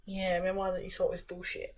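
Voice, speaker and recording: A woman's voice: on the low side, monotone, quick pace, darkish tone. An Australian woman co-hosting a casual book chat, playful and laughing, swearing cheerfully. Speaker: booktuber co-host. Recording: distant mic, faint background noise.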